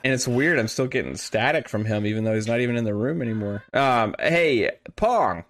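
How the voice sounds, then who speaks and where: A man in the host seat of an online podcast, joking his way through introductions in a loose, filler-heavy way. His voice sits at an ordinary middle pitch. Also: brisk, fairly bright tone. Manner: playful, joking, many fillers. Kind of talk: casual podcast chat. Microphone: online call setup.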